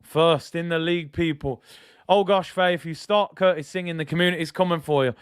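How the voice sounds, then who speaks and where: A young man hosting a live football watch-along, reading chat and reacting loudly to the match. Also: a little high, brisk, smooth, no room sound, studio quality. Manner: excitable, banters with chat, shouts at big moments.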